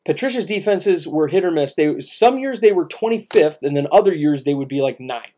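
A man's voice: a little high, expressive, fairly quick, warm tone, a little hiss or hum. A man co-hosting a casual sports podcast, emphatic and repetitive, with many restarts. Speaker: podcast co-host.

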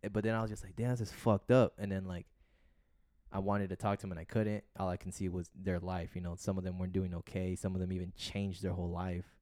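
Young guy cohost, really low voice, rambly, lots of "like" and cussing, dry close sound. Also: level tone, fast, warm tone, no echo. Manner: rambling storyteller, heavy filler words and swearing. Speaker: podcast co-host. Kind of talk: casual chat.

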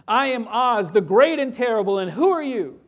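A man putting on the voice of a booming, intimidating male wizard ruler, with thundering, scornful commands. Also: very animated, moderate pace.

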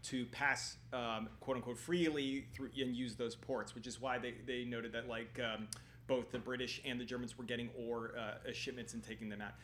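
A man's voice: mid-range voice, level tone, moderate pace, a bit bright, a little hiss or hum. A man casually retelling a history episode on a podcast, rambling with lots of fillers and restarts.

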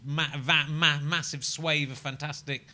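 A man's voice: on the high side, steady tone, measured pace, sharp tone. A man hosting a live comedy podcast, joking provocatively and laughing at his own lines. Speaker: podcast host. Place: live show venue before an audience.

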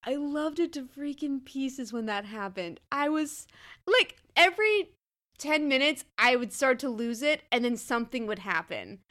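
Casual movie chat co-host: a woman, excitable and gushing, with a bright tone. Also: high-pitched, measured pace. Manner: gushing and animated, swears freely.

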